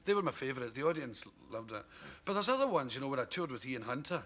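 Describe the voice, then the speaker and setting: A man's voice: mid-range voice, very animated, fast, fairly bright tone. A Scottish man telling comic stories as a talk show guest, laughing often and mimicking the people in his tales. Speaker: comedian guest. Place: television studio with audience. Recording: noisy 1981 broadcast recording.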